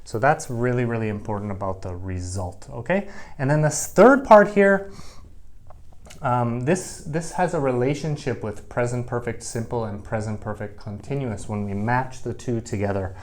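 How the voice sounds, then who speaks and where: A man's voice: mid-range voice, moderate pace. A middle-aged man teaching English grammar to camera, explaining patiently and repeating key phrases.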